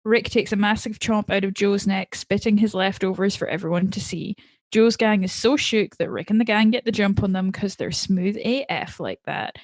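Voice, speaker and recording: A woman's voice: medium pitch, fairly even intonation, moderate pace, no room sound. A woman co-hosting a podcast, chatting casually and reading out listener comments with frequent laughter. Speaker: podcast co-host.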